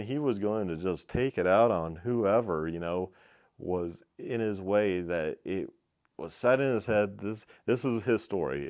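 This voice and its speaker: A middle-aged shop owner with a somewhat low voice tells a story from behind his counter. He is blunt and profane. He tells it in an animated, casual vlog style. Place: small motorcycle shop.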